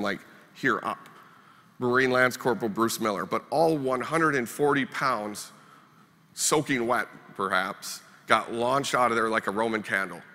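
In an echoing conference hall, a keynote speaker from Minnesota tells stories laced with wry humor at his own expense. His voice sits in the mid range and sounds pushed and bright.

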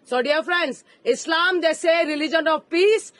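A woman preaching outdoors in a park, speaking fervently into a handheld interview mic and rising to emphatic shouts. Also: high voice, normal speed, few pauses, dry recording. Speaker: street preacher. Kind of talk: impassioned street preaching.

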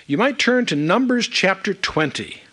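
Male Bible teacher, somewhat high voice, very lively delivery, emphatic scripture reading. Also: moderate pace. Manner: animated, emphatic, reads scripture aloud with asides.

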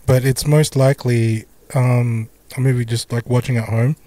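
A man in relaxed podcast banter with friends. His voice sits in a middle range, and he talks loosely and slangily, saying bro and dude. He comes across as easygoing. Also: mid-range voice, moderate pace, no room sound. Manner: laid-back, slangy, says bro and dude. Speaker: podcast co-host. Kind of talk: casual chat.

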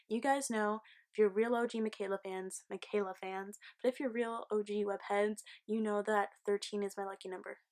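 A young woman vlogger telling an excited, rambling storytime, swearing freely. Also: mid-range voice. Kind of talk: casual storytime vlog.

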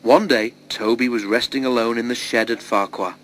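A man narrating a children's storybook in a steady, clear reading voice. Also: mid-range voice, a little fast, a little hiss or hum. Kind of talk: storybook read-aloud.

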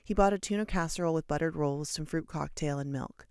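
An audiobook reader narrating a short story in a steady, measured way. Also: mid-range voice, clean tone, no echo, clean studio sound. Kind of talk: storybook narration read aloud.

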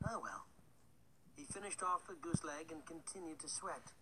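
A man narrating a dark fairy tale audiobook in a wry, conspiratorial manner, addressing the listener. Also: fairly high pitch, normal speed. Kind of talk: scripted storybook narration. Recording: loud background noise with clicks.

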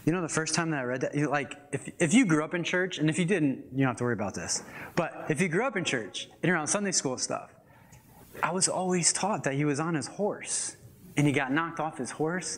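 Casual, animated young male pastor. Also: fairly high pitch, brisk, a crowd in the background. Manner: casual, animated teaching with asides. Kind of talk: sermon.

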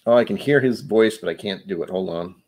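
A man's voice: on the low side, a little fast, a little mellow. A man hosting a casual livestream, a bit tipsy from whiskey, rambling with loose, self-mocking jokey asides. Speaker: livestream host.

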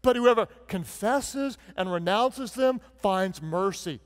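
A male pastor preaches an emphatic sermon in a fairly high voice, slowly and with few pauses. His delivery is punchy and animated, shifting between mock sarcasm and earnestness. A long reverb, as in a large church hall, follows his words.

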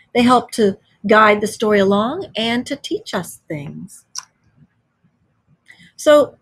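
Husky woman reading a story to a class. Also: medium pitch. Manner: expressive, explains to children. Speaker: teacher.

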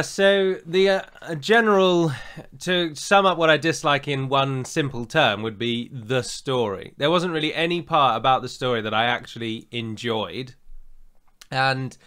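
A man's voice: medium pitch, sharp tone, clean tone. A man with a southern English accent, chatting casually as co-host and giving opinionated reviews with frequent fillers. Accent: southern English standard. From England. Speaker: podcast co-host.

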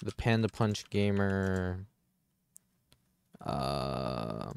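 A man's voice: low-pitched, big pitch swings, very slow, gravelly, clear, resonant tone, no room sound. A man live streaming a game in casual chat, distracted and muttering hold on as he fixes settings, swearing casually and talking back to chat. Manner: distracted, keeps saying hold on while fiddling with settings.

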